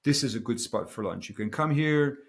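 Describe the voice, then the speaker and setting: A man's voice: medium pitch, expressive, brisk, close to an everyday voice. A man imitating a cheerful, helpful Italian male sailing skipper with a put-on Italian accent, talking in an eager, emphatic way. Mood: enthusiastic.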